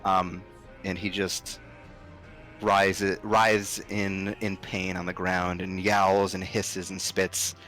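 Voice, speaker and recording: Man, game master, low voice, loose and relaxed narration full of ums, faint music behind. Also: slow.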